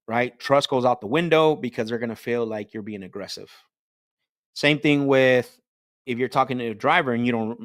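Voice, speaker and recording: A man coaching a group call on sales technique, talking with energy and checking in with "right?" as he goes. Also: mid-range voice. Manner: energetic, repeats "right?" often, restarts sentences. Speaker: sales trainer.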